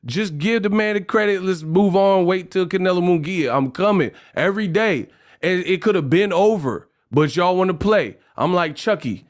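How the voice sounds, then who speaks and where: A man hosting a casual livestream, talking in a lively way, rapping short rhymes and reading donation messages aloud. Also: sits high, moderate pace. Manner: animated, freestyles rhymes, reads donations aloud. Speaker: livestream host.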